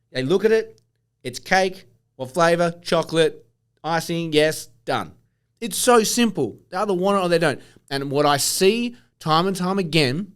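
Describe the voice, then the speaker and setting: A middle-aged man hosting a casual solo podcast, blunt and animated, swearing casually as he coaches listeners. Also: mid-range voice. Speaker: podcast host.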